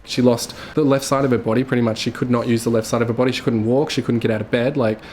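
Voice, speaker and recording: A young man telling his late mother's story to camera, tearful and halting, with his voice breaking. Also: medium pitch, fairly even intonation, darkish tone, slight background noise. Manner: halting, full of fillers and restarts.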